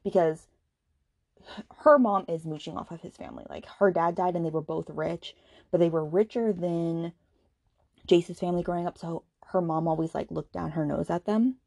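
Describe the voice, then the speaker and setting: A woman hosting a podcast, giving a casual, animated book review rant full of fillers like "like" and "okay". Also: lowish voice, moderate pace, vocal fry, no room sound. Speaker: podcast host.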